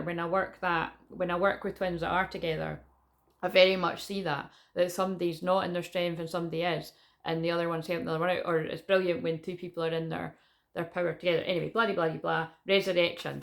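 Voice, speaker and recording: A woman's voice: on the low side, creaky. A Scottish woman, a psychic reader, chatting to camera in a casual, rambling spiritual vlog, often restarting her sentences and swearing now and then. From Scotland. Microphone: camera in front of her.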